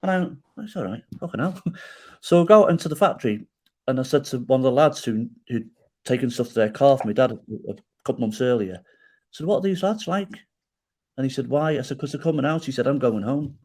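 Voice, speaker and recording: A man's voice: medium pitch, fast. A middle-aged man telling a personal story as a podcast guest, acting out the quoted dialogue and checking in with the listener as he goes. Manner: animated storyteller who acts out quoted dialogue and tags lines with "right?".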